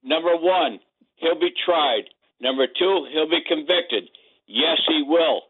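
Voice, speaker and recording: A man's voice: fairly high pitch, takes it slowly, husky. A man in his seventies calling in to a talk show, speaking bluntly in a commanding, drill-sergeant style. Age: 70s. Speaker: caller. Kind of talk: phone-in call. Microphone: telephone. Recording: tinny phone line.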